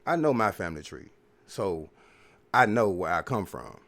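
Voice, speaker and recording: A man's voice: low-pitched, big pitch swings, moderate pace, gravelly, fairly bright tone. A man hosting a podcast, rambling through a casual, profane, preachy monologue full of repeated filler phrases. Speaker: podcast host.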